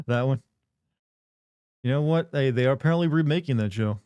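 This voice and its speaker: A man riffing with his live chat in loose, joking banter. His voice is warm and mellow at a middling pitch. He is recorded close and dry on a desk mic. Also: moderate pace, clean tone, no echo. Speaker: livestream host. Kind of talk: casual live-stream chat.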